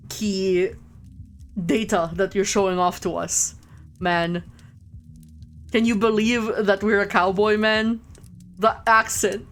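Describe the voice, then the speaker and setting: Woman streamer, casual jokey game commentary, average pitch, faint ambience in the room. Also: slight background noise. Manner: joking, laughs often. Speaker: streamer playing a video game.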